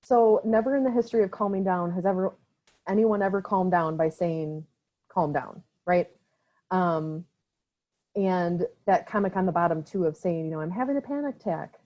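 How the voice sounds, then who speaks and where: A woman's voice: on the low side, steady tone, normal speed. Give me a Wisconsin woman with an Upper Midwest accent, presenting casually. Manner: casual, filler-heavy, often tags "right?". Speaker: presenter for a mental health nonprofit. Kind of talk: online training presentation. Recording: slightly dull lo-fi call audio.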